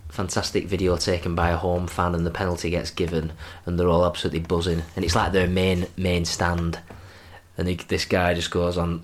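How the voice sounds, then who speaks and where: A man with a very deep voice chats on a relaxed football podcast. He tells loose, rambling anecdotes and laughs along as he goes. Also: brisk. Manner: rambling storyteller, laughs at his own tales. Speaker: podcast co-host. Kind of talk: casual football podcast chat.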